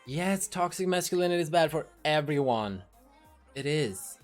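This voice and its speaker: A woman's voice: deep voice, expressive, moderate pace, a little mellow. A woman livestreamer in casual chat, talking frankly to her viewers and swearing freely, with faint music behind her.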